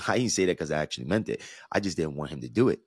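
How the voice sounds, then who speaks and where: A man's voice: a bass voice, lively intonation, very fast, husky, dry recording, clean studio sound. A man in his thirties from the US East Coast, hosting a podcast and telling a personal story in an earnest, reflective way with frequent restarts. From New York–New Jersey area, US East Coast. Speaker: podcast host.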